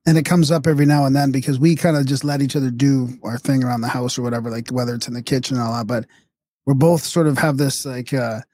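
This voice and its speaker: A man hosting a podcast, chatting in a relaxed, rambling way. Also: mid-range voice, dry recording, studio quality. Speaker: podcast host. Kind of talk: casual conversation.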